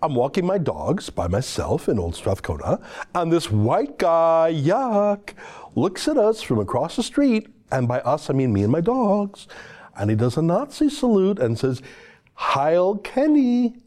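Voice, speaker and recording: A man's voice: sing-song, unhurried, a little mellow. A man putting on a mocking, exaggerated voice to play a self-righteous young male activist. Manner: mocking, exaggerated high-pitched reading voice.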